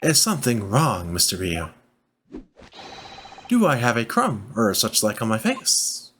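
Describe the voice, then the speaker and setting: A man doing a pompous posh gentleman detective. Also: lowish voice, wildly swooping pitch, measured pace, slight background noise, exaggerated voice. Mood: grandiose. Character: pompous older male gentleman detective, grandiose.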